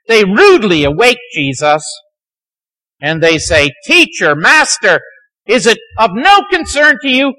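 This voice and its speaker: A man lecturing a class on the Bible, telling its stories dramatically and sometimes dropping to a near hush. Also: a little high, rough recording. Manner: dramatic storytelling, dropping to near hushed tones.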